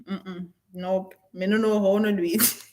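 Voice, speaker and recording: A woman's voice: mid-range voice, little pitch movement, measured pace, a little mellow, low-quality recording. A woman, chatting bluntly on a live stream and reading viewer comments aloud, with patois turns of phrase and frequent laughs. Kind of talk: casual live-stream chat.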